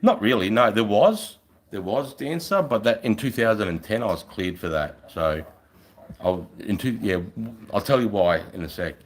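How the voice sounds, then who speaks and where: An Australian man, a middle-aged army veteran, telling war stories on a live stream in a casual, profane, animated way. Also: lowish voice, moderate pace, poor audio. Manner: profane, animated, acts out voices. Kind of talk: casual storytelling.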